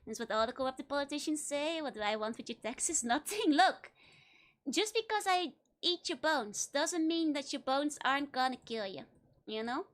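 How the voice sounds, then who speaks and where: With a high-pitched, fairly bright and animated voice at moderate pace, this Dutch-accented woman, a virtual streamer, keeps casual livestream chat playful and giggles frequently between lines.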